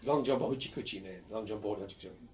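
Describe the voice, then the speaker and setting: An older man recounts his student years in an oral history interview. He talks in a lively, animated way and is blunt, swearing freely. His voice sits fairly low. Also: racing.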